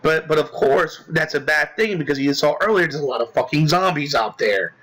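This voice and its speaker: A man casually recapping a game he played, rambling with lots of filler words and restarts, swearing as he gets excited. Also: fairly high pitch, a little fast, rough recording. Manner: profane, excitable. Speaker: gaming commentator.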